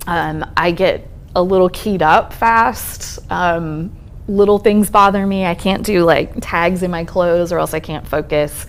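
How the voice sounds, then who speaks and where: A woman therapist giving a conversational talk to an audience at a college event, reassuring and checking in often. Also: fairly low pitch. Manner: conversational, reassuring, frequent "um" and "okay?" check-ins. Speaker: speaker on trauma and resilience, therapist. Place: lecture room at a college event.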